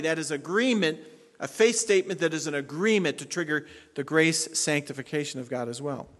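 Male pastor, somewhat high voice, emphatic sermon delivery with loud peaks and hushed asides, long hall reverb. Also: brisk. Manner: emphatic preaching, swings from loud declarations to quiet asides.

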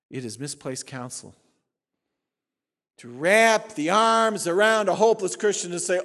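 Male pastor, fiery dramatic sermon delivery, a touch high-voiced, long church reverb. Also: animated, moderate pace. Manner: swings from shouting to hushed, dramatic preaching.

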